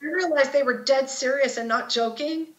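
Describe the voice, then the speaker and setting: A woman's voice: sits high, normal speed, fairly bright tone. A woman guest, a guitarist, chatting casually in an interview and telling stories with lots of fillers and restarts. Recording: dull lo-fi sound.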